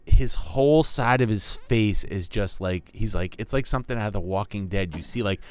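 A man's voice: lowish voice, moderate pace, a little mellow, smooth, dry recording. A man co-hosting a casual podcast, retelling a friend's story in a rambling way and chuckling often. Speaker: podcast co-host.

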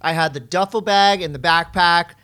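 A man's voice: a little high, moderate pace, pushed and bright. A man co-hosting a podcast, teasing and joking in off-the-cuff banter. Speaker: podcast co-host.

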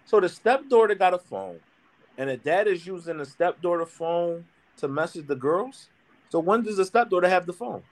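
Co-host, man, high voice, blunt skeptical banter. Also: expressive, normal speed. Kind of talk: casual podcast chat.

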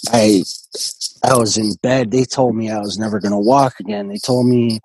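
Husky low-voiced man telling his story. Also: fairly even intonation, darkish tone, no room sound, low-quality recording. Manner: halting, earnest, frequent restarts. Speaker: guest. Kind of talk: personal recovery story in conversation.

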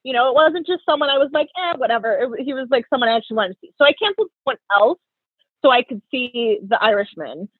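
A woman co-hosting a casual podcast, telling dating stories in a chatty, animated way with lots of "like". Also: sits high, fast, breathy edge, no echo. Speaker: podcast co-host. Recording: tinny phone-like sound, dry.

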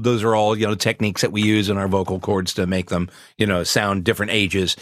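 A man in his sixties, a voice actor, chatting in an interview in a relaxed, self-mocking way and laughing often. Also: fairly low pitch, brisk, hardly any pauses, no room sound, studio quality. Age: 60s.

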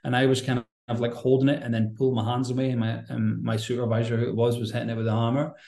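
A man talks through his own story as a podcast guest, earnest and rambling in a loose, conversational way. His voice sits at a middling pitch with a dark, mellow tone. The recording carries a noticeable echo from the room. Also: flat delivery, fast, vocal fry. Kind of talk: candid personal storytelling.

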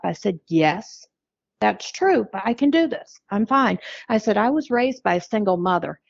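A woman's voice: medium pitch, expressive, normal speed, vocal fry, no room sound. A middle-aged American woman tells her own story as a podcast guest, candid and wry. She slips into the voices of the people she quotes. The sound is dry and slightly dull, with no room around her. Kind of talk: telling her life story.

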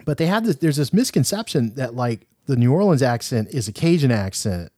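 A man co-hosting a podcast, talking in a chatty, animated, jokey way. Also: mid-range voice, a little fast, breathy edge, dry recording, clean studio sound. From Louisiana. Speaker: podcast co-host. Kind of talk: casual chat.

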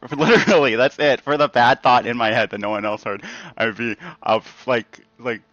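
A man's voice: medium pitch, steady tone, moderate pace, fairly bright tone, no room sound, muffled recording. A man, a comedian guest, chatting casually in a rambling, self-mocking way, laughing often and peppering his talk with fillers. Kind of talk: casual podcast chat.

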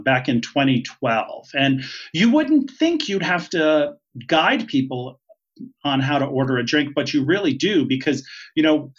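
A retired flight attendant, a man, giving travel tips as a podcast guest in a casual, emphatic, chatty way and laughing easily. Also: medium pitch. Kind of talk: casual interview. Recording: dull lo-fi sound.

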